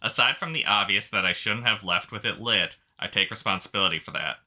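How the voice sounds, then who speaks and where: A man co-host who reads online posts aloud and answers with dry, joking remarks. His voice sits a little low for a man but has a very bright, sharp edge. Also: brisk. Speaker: podcast co-host. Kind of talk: casual chat, reading online stories aloud.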